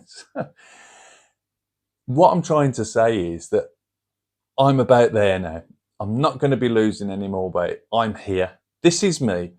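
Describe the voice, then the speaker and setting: A man's voice: on the low side, normal speed, long pauses, darkish tone. A middle-aged man with a Birmingham accent, chatting casually to camera as a channel host in a rambling, down-to-earth way. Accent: Birmingham (Brummie). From England.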